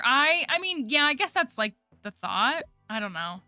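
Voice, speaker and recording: A woman's voice: sits high, very animated, moderate pace, pushed and bright, no room sound. A woman streaming a game and chatting casually, rambling with lots of "like" fillers. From United States. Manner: rambling, heavy use of "like" fillers. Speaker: gaming streamer. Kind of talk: casual chat while playing a game. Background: game music.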